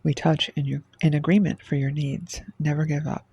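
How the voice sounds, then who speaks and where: A man delivers a short devotional in an earnest, gentle way, drawing out his phrases. His voice sits a little high for a man, with a gravelly edge and a husky, mellow tone. The sound is close and dry. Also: little pitch movement, moderate pace, muffled recording. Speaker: Christian devotional speaker.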